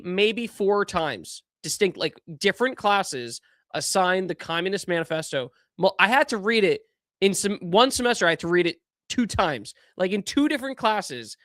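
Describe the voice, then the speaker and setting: A young podcast host offers casual political commentary, sounding animated and incredulous, his thoughts often trailing off before he starts again. His voice sits high, and the studio-quality recording has no room sound.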